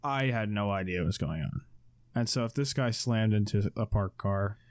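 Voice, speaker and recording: Podcast cohost, mid pitch, wry jokes, dead dry mic. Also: male voice, expressive, normal speed, no room sound. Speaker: podcast co-host. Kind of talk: casual chat.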